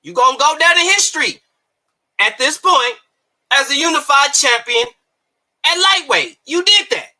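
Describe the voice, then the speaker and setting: A man giving heated, profane boxing commentary, often breaking into shouts. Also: extremely high pitch, animated, normal speed, pauses often. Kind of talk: ranting commentary.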